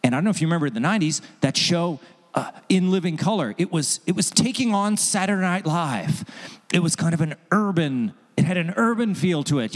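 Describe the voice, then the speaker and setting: Guy doing stand-up storytelling, lively voice that jumps around, a bit higher pitched, long reverb in the hall. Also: fairly quick. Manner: animated, acts out quoted people with jumps in pitch. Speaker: storytelling comedian and host.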